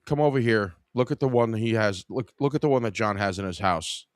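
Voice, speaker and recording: A man's voice: lowish voice, a little fast, no echo, clean studio sound, lightly acted. A man voicing a bossy, impatient young woman who orders her friends around.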